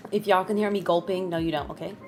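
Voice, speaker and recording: A young woman streams a game and chats casually with her viewers, greeting them by name. Her tone is steady and her pace quick, with music playing behind her. She's talkative and breaks into high bursts of laughter.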